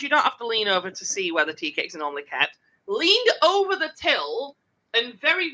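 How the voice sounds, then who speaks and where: Lively animated podcast storyteller. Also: mid-range voice, rough recording. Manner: animated, swears a lot, mimics customers. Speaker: podcast co-host telling a work story. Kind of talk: casual chat, storytelling.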